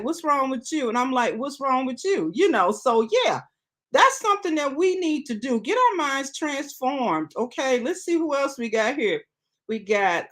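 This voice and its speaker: Middle-aged woman, host of a live online talk show; casual, chatty, slightly high pitch, greets viewers as she reads their comments. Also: a bit bright.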